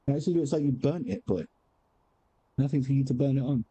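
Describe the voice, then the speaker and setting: A young man talks casually on a game stream, his voice deep-toned and mellow. He mutters to himself as he plays and slips into a high, sing-song baby voice when he speaks to his cat. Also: fast, long pauses, breathy edge, dry recording, rough recording. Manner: relaxed, mutters to himself while gaming. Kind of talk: casual livestream chat.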